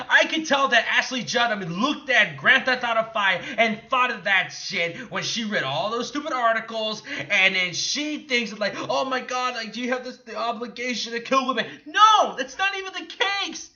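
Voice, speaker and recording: A young man ranting angrily in a gaming commentary vlog, profane and mocking, sometimes shouting. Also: very high-pitched. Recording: dull lo-fi recording.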